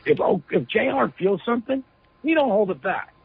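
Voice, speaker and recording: A man's voice: high voice, big pitch swings, normal speed, gravelly, slightly rough, dry recording. A man being interviewed, telling a story emphatically with lots of "you know" fillers over a phone line. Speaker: interview guest.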